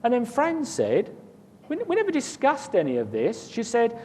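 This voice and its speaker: A man's voice: wildly swooping pitch, moderate pace. A man telling a personal story in a casual, rambling way, often repeating words and chuckling. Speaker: guest recounting an experience. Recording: long reverb, faint rumble.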